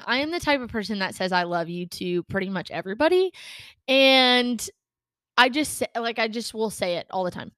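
A woman's voice: mid-range voice, a bit bright, dry recording, clean studio sound. A young adult woman hosting a faith podcast, talking casually in a chatty, rambling way with many fillers. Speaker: podcast host.

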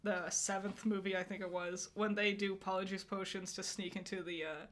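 A woman's voice: medium pitch, level tone, normal speed, a bit bright. Laid-back woman on a podcast, lots of likes and ums, laughs a bunch. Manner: chatty, laughs often, many fillers. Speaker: podcast co-host. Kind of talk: casual chat.

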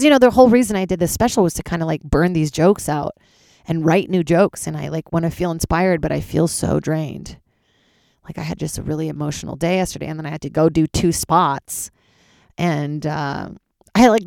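A woman in her thirties, a comedian, chatting alone from her closet, candid and swearing, sounding tired and jumping into high squeaky voices for her own reactions. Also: creaky, darkish tone, dry recording, studio quality. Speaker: comedian podcast host. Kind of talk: casual solo chat.

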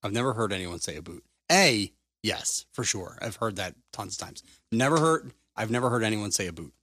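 Man, podcast co-host, lowish voice, lively swings, agreeable banter, dry sound. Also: brisk, no room sound. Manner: laughs easily, agreeable banter. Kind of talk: casual chat.

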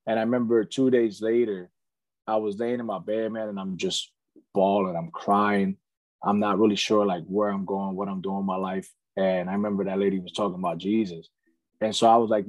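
Man, 30s, podcast guest, earnest storyteller, lowish voice, dry close sound. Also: level tone, fairly quick, no room sound. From United States. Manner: earnest, fills speech with "man" and "you know". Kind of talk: candid storytelling in casual conversation.

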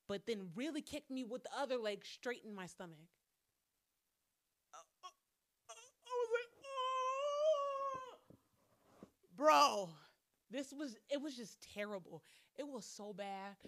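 A woman telling a personal story straight to her viewers in a casual, animated way, swearing freely and breaking into loud exclamations. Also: a little high, dry recording. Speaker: vlogger.

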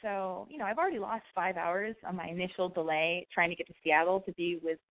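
A woman's voice: fairly low pitch, brisk. A young adult woman telling a rambling personal story in casual chat, swearing freely and correcting herself as she goes. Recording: tinny phone-like sound.

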